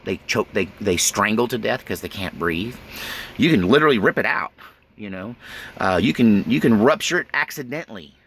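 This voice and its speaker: A man's voice: on the low side, expressive, moderate pace, fairly bright tone, slight background noise. A man telling his life story in a casual, blunt and folksy way, often laughing nervously. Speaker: autobiographical storyteller. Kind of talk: casual spoken memoir.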